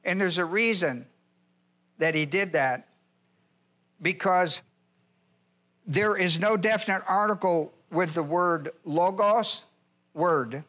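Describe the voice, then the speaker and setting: Man, pastor, high voice, emphatic, repeats key points, Bible class teaching. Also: takes it slowly, pauses often, sharp tone.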